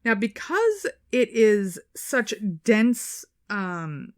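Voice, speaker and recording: Female podcast co-host, casual storyteller, animated, salty language. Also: a little high, drawn-out words. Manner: animated retelling, swearing, quoting people in their voices.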